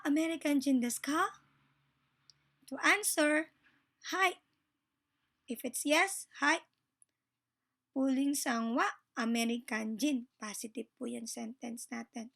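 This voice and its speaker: A woman with a Filipino accent teaching a Japanese grammar lesson in a polite, casual way, switching between Tagalog and English and slowing down for the example sentences. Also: high voice.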